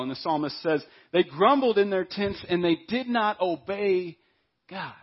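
A man preaching a sermon as a pastor, emphatic and then dropping to hushed asides. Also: a little high, husky, highs cut off. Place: church.

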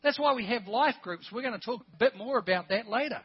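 High-voiced older man preaching emphatically. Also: a little fast, breathy edge. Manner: emphatic, with rhetorical questions and joking asides. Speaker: pastor. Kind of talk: sermon. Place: church service. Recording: dull lo-fi sermon recording.

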